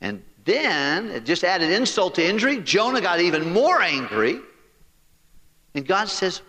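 A man's voice: high voice, measured pace, in a large hall. A man preaching a storytelling sermon, folksy and joking, acting out the story's dialogue. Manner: animated, acts out the dialogue of the story.

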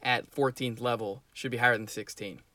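A man's voice: mid-range voice, steady tone, fairly quick, pushed and bright, no echo. A man co-hosting a podcast, chatting playfully about tabletop game scenarios and laughing often. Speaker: podcast co-host.

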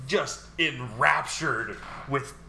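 A man co-hosting a podcast, telling a bar story in a relaxed, laughing way. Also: mid-range voice, very slow, gravelly, noisy background. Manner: laughing, easygoing anecdote teller. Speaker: podcast co-host. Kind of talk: casual chat.

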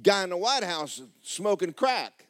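Middle-aged male preacher, folksy, animated swoops, bursts into shouting. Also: sits high, unhurried. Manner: folksy storytelling, rising to shouts. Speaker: pastor. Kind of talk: sermon.

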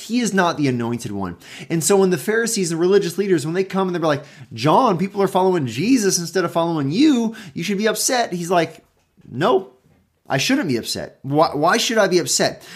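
A man's voice: medium pitch, slightly rough. A man who is a pastor, giving a conversational devotional Bible talk and often restarting and rephrasing his points with emphasis.

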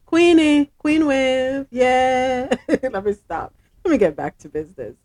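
Lively-voiced woman radio host. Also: high-pitched, slow pace. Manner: laughs often, chatty, reads news aloud. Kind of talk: live radio news chat.

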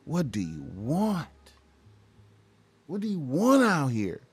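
A man's voice: a little high, wildly swooping pitch, slow, breathy edge, no room sound. A young man, ranting casually and profanely, repeating himself and tacking "man" onto his lines. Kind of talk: casual rant to camera.

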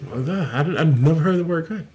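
A man's voice: on the high side, fairly quick, dark tone. Blunt, foul-mouthed podcast host man. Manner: profane, blunt, laughs easily. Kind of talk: casual chat.

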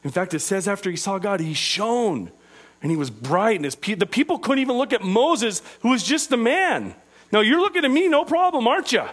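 A man preaching an interactive sermon, asking his listeners questions and slowing down on key phrases. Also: high voice, sing-song, fairly bright tone, breathy edge. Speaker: preacher teaching a group.

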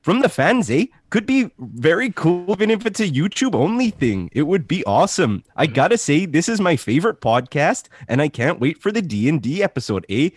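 A man's voice: fairly high pitch, very animated, moderate pace, hardly any pauses, breathy edge, dry recording, clean studio sound, pitched above the performer's own voice. A man reading aloud as an exaggerated cheery Canadian, with sing-song stretched vowels and lines ending on "eh". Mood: chirpy. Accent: mock Canadian.

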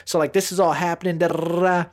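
A young man telling a story in casual podcast chat, animated and profane, acting out both sides of the scene. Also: high voice, quick pace, no room sound, clean studio sound.

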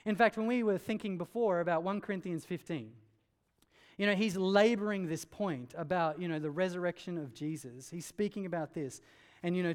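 A man preaching a sermon, earnest and emphatic, dropping low and quiet on key lines. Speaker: pastor. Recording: hall reverb.

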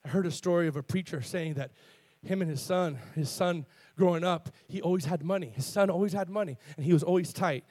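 A man preaching a sermon in a church, fervent and building to loud, emphatic call-outs, often repeating and restarting his words. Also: high voice, a little fast, no echo. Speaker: pastor. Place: church sanctuary with congregation.

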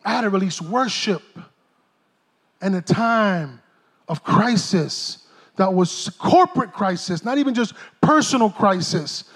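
New pastor guy, middle-aged, super high voice, preaching all animated and jokey. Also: measured pace, slightly rough. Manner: animated, joking, streetwise preaching. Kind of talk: sermon. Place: church stage.

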